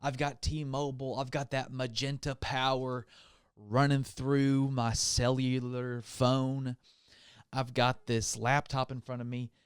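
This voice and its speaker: Podcast guy hyping things up in a goofy ramble, smooth voice, dry sound, mid pitch. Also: level tone, slow pace, no echo. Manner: hyped, rambling, mock-enthusiastic. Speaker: podcast host. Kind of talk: comedic monologue with ad read.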